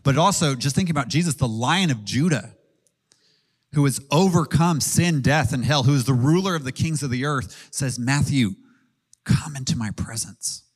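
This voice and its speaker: With a mid-range voice, a man in his thirties gives a sermon. He keeps it earnest and conversational, pausing with ums and asking the people listening questions.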